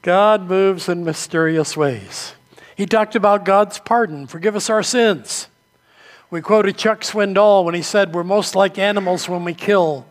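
A man with a high, light voice preaching in a church. He tells his stories with feeling and takes on the voices of the people in them. His words ring out with a long echo through the hall. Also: a little slow. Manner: storytelling preacher, acts out quoted voices. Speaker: pastor. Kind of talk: sermon.

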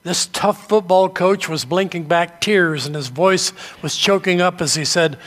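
Older preacher telling stories in a hall. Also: male voice, high-pitched, a bit bright. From New England. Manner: storytelling, measured and earnest. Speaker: pastor. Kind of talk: sermon.

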